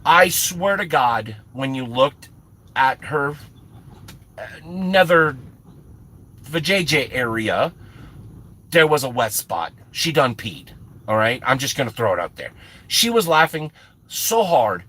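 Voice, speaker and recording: A man with a husky, bright voice tells a comic story to his viewers. He talks slowly, but his pitch swings a lot, and he sounds animated and exasperated. He often breaks off and restarts his sentences. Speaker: channel host.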